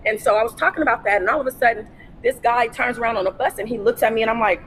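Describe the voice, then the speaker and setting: A woman on a phone livestream from inside a fast-food restaurant, cursing and confronting someone in an angry rant. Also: fairly high pitch, a little hiss or hum. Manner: profane, confrontational, repetitive shouting. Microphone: phone held for a livestream.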